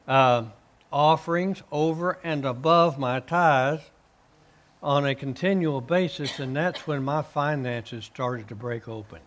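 Earnest man giving halting faith testimony. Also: a little high, a bit bright. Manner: earnest, halting, many uh fillers and restarts. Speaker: guest, author and minister.

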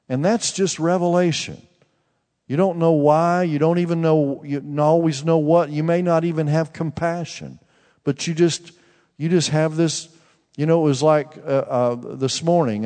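A man's voice: on the high side, a little mellow. A male preacher tells a testimony and speaks directly to his listeners in a fervent way, with many restarts. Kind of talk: sermon with personal testimony. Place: church sanctuary. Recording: long reverb in a large hall.

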